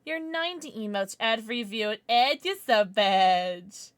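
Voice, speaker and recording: A woman livestreamer chatting casually and thanking subscribers, excitable, giggly and often apologetic. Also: on the high side, measured pace.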